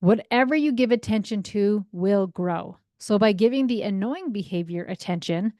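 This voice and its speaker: Chatty energetic woman podcast coach. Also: medium pitch, moderate pace, no room sound, studio quality. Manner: energetic, chatty, acts out quoted voices. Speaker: parenting coach, podcast host. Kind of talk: solo podcast teaching.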